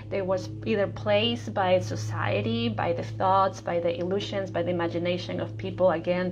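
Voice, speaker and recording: A woman's voice: mid-range voice, dull audio. Casual woman giving a spiritual talk. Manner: casual, swears, fillers like "you know" and "right". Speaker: spiritual teacher. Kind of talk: live-streamed spiritual talk.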